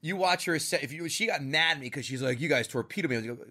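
Animated male comedian telling a story. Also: fairly high pitch, fast talker. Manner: animated storyteller, acts out quoted voices. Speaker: comedian and show creator guest. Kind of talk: casual podcast chat.

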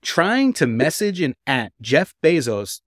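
A man's voice: fairly high pitch, big pitch swings, takes it slowly, dry recording, studio quality. A man hosting a casual podcast, posing questions to his co-hosts in a rambling way and restarting his sentences often. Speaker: podcast host.

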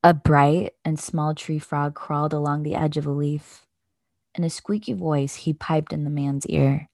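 Woman, deep voice, gravelly, children's book reading, measured, dry close sound. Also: level tone, a little mellow, dry recording. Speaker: podcast host.

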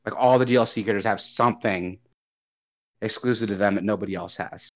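A young man co-hosting a casual gaming chat, rambling and animated, swearing casually as he goes. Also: fairly low pitch, brisk. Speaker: podcast co-host. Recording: dull lo-fi audio.

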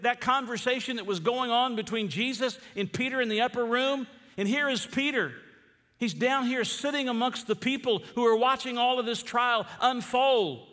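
A man preaches in a fairly high voice, reading scripture aloud and putting questions to the listeners. He swings from loud, emphatic questions to low, quiet reading. His voice carries the long reverb of a church hall. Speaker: pastor. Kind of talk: sermon.

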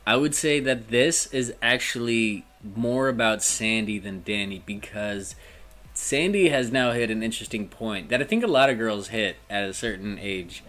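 A man's voice: on the low side, normal speed, a bit bright, faint music behind. A man co-hosting a casual podcast chat, telling stories animatedly and acting out characters' lines. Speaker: podcast co-host.

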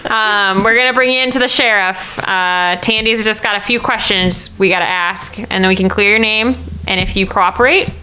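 A woman's voice: mid-range voice, moderate pace, hardly any pauses, sharp tone, slight background noise, low-quality recording. A woman playing a tabletop role-playing game, giggling as she describes her character's moves. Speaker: player.

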